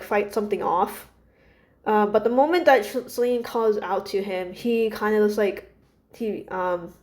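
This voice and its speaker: A woman casually rambling about her characters, hesitant and soft-spoken, with many fillers and restarts. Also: medium pitch. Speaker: creator discussing her characters.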